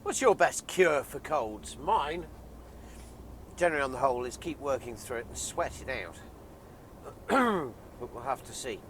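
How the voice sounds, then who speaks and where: A man's voice: medium pitch, sing-song, unhurried, long pauses, a bit bright, a little hiss or hum. A man vlogging casually with a head cold, chatty and rambling with many ums. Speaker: lorry driver vlogger. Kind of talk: casual vlog chat. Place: lorry cab while driving, then outdoors on a hill.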